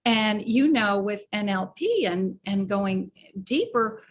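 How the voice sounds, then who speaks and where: A woman hosting an interview, enthusiastic and halting, with frequent restarts. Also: medium pitch, animated. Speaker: host. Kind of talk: casual interview chat.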